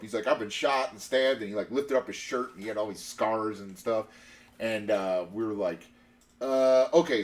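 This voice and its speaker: A man in his thirties tells a personal story in a loose, rambling way. He restarts his sentences and fills them with "like" and "uh". His voice sits at an ordinary middle pitch. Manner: rambling, many fillers and restarts. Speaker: podcast host. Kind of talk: casual storytelling.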